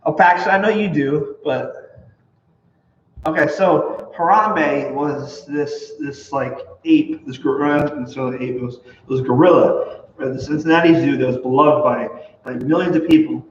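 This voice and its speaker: A man's voice: on the high side, measured pace, a little hiss or hum. A man, a pastor, chatting casually and rambling with lots of likes and you knows. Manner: rambling, many fillers and restarts. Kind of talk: casual chat. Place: church hall. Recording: echoey hall, far from mic, dull.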